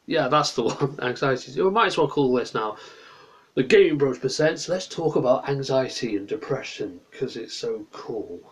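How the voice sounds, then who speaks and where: A man's voice: medium pitch, animated, normal speed, husky. A tired man, chatting in a rambling way to his livestream viewers late at night from a small bedroom, drifting off topic and answering chat.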